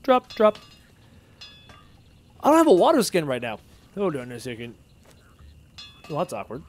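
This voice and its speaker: Streaming a game live, this man speaks at normal speed in a voice on the high side. He's animated and jokey, chatting casually and reading out messages from his chat as he plays.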